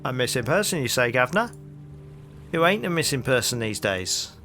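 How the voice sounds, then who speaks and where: A man voicing a gruff, lazy male London street copper in a point-and-click game, talking in brash Cockney rhyming slang. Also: medium pitch, sing-song, moderate pace, sharp tone, soft background music.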